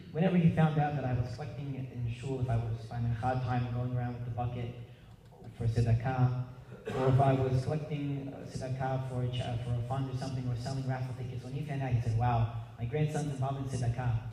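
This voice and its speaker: Young man, earnest eulogy delivery, mellow tone, heard from a distance in a large room with long reverb. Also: medium pitch, fairly even intonation, brisk. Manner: earnest, heartfelt, clears throat often. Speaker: grandson giving a eulogy. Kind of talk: memorial speech. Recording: echoey hall from far off, faint hiss.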